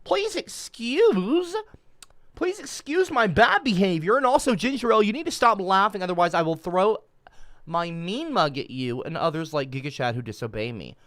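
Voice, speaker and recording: A man's voice: high-pitched, sing-song, moderate pace, fairly bright tone, no echo, clean studio sound, voice pushed up. A whiny, petulant male teacher apologizing in an exaggerated, mocking way, as a man puts him on. The voice swoops up and down theatrically.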